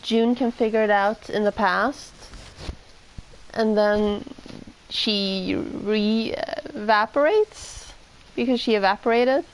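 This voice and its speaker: A woman's voice: medium pitch, slow pace, rough recording. A woman streaming a video game, reading the text aloud and then musing casually, with some swearing.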